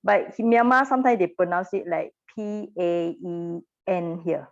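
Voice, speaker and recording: Woman, teacher, patient, repeats sounds, slightly low voice, dull lo-fi recording. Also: moderate pace. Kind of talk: classroom pronunciation lesson.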